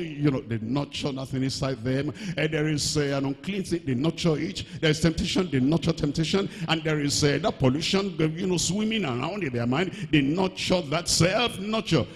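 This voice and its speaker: A man preaching a sermon with emphasis, repeating key words and swinging between quick bursts and slow stresses. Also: a little high, expressive, husky. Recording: long reverb of a hall.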